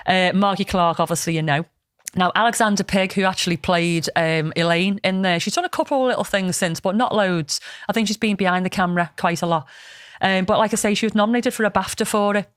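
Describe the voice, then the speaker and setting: A woman's voice: medium pitch, a little fast, hardly any pauses, dry recording, studio quality. A woman, chatting casually as a podcast host and retelling a film plot with plenty of swearing. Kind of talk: casual storytelling chat. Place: podcast studio.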